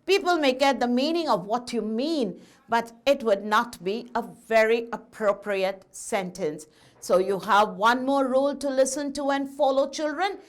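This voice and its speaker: A woman's voice: on the high side, unhurried. A woman teaching English grammar to children, patiently asking questions and answering them herself. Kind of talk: classroom lesson addressing children.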